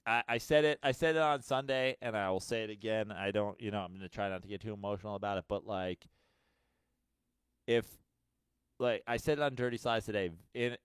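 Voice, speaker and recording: On this dry recording, his low-leaning voice comes through clear and resonant, and he speaks briskly. He's a late-30s podcast co-host whose casual talk is frank, rambling, and full of profanity.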